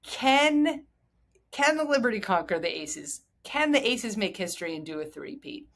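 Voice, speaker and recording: An excited woman in middle age hosts a sports podcast on her own. She talks eagerly and goes off on heartfelt tangents, her voice pitched right in the middle. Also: moderate pace. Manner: enthusiastic, digressive, emotional. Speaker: podcast host. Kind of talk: solo sports podcast talk.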